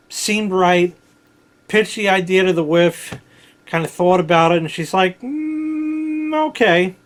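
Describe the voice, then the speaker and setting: A middle-aged man from New York telling a rambling story in casual chat, blunt and digressive, swearing freely. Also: fairly high pitch. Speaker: vlog host telling stories.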